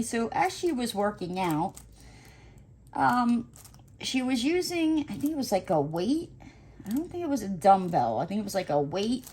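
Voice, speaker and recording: A woman chatting casually while she crafts, rambling through an animated story full of "like" and acted-out dialogue. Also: on the high side, moderate pace, husky. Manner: acts out quoted dialogue. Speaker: crafting vlogger. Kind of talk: casual chat while diamond painting.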